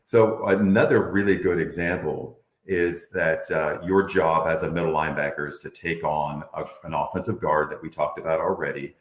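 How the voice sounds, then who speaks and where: A man in his fifties, a former football player from the Bay Area, telling animated stories in an interview and acting out quotes. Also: extremely low pitch, moderate pace, few pauses, reverberant. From Bay Area, United States. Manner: animated storyteller, acts out quotes, laughs often. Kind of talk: candid interview storytelling.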